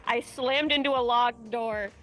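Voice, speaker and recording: A woman's voice: a little high, unhurried, a bit bright, soft background music. A tired woman chatting casually about a roleplay, speaking frankly and swearing. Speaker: roleplay streamer. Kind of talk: casual chat.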